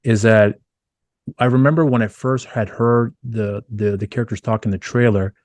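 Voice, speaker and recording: Man, interviewer, rambling questions, low voice, dry sound. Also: steady tone, moderate pace, darkish tone, no room sound.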